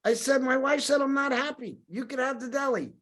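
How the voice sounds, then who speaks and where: An older man from New York talks fairly quickly in an extremely high pitch. As a podcast guest in an easygoing interview, he tells lively stories and dramatizes the quoted dialogue.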